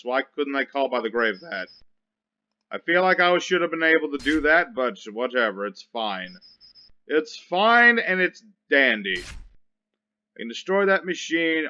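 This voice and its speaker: A man's voice: medium pitch, bright, forceful tone. A man giving casual commentary over his own card game, chatty and wry, grumbling sarcastically at his opponents. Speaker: gameplay commentator.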